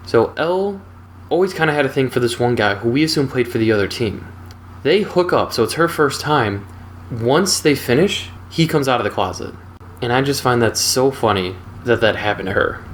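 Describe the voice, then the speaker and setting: A young man casually telling a personal story, relaxed and wry. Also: mid-range voice, a little hiss or hum. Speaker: storytelling channel host.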